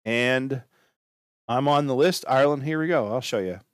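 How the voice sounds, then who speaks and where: A man's voice: mid-range voice, moderate pace, clear, resonant tone, dry recording. Rambling man giving casual advice, dry sound. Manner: rambling, loose, restarts and repeats himself. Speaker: podcast host.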